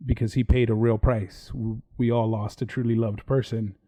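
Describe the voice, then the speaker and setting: Laid-back Texan man, mellow voice. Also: mid-range voice, flat delivery, moderate pace. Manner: laid-back, rambling, swears casually. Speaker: podcast co-host. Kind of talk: casual live-stream chat.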